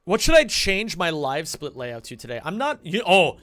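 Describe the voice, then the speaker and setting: A male streamer with a high, bright voice chats to his viewers in a loose, rambling way, excited and quick to swear. He is close to the mic in a dry room with no echo at all. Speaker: streamer and speedrunner. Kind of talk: casual live-stream chat.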